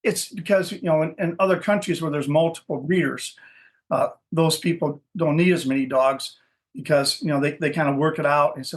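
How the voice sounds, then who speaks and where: Rambling middle-aged man, fairly high voice. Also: fairly even intonation, moderate pace. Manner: rambling, many restarts and "you know" fillers. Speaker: dog breeder, podcast guest. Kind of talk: casual interview storytelling.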